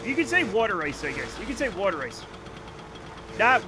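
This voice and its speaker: Streamer, male, Rhode Island accent, very high voice, animated and profane, game engine noise behind. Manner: animated, swearing, drawn-out vowels. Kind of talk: casual chat with viewers while gaming.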